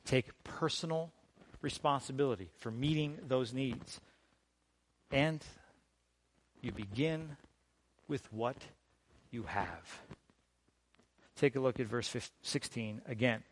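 With slight noise in the background, a man delivers a sermon as a pastor. His medium-pitched voice is emphatic and deliberate, marked by dramatic pauses and strong shifts in volume.

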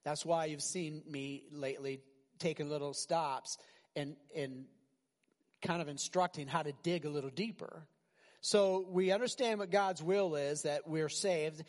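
Male pastor, conversational and animated sermon delivery, higher-pitched voice, long hall reverb. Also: measured pace. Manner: animated, conversational preaching with rhetorical questions.

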